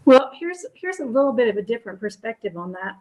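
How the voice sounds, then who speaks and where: A woman co-hosting a casual spiritual discussion, talking enthusiastically in quick bursts with restarts. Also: fairly high pitch, big pitch swings, a little mellow, echoey room. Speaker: co-host.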